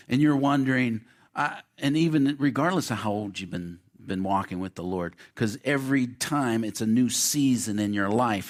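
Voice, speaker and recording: Low-voiced man preaching earnestly. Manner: earnest, repetitive storytelling with personal testimony. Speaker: pastor. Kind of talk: sermon. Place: church sanctuary.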